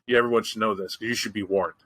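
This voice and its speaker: A man hosts a show in easy, casual chat. His voice is bright and forceful. He tells his story bluntly, swears freely and jokes as he goes. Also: fairly low pitch, fairly even intonation, very fast, poor audio. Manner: candid, profane, joking storyteller. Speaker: podcast host.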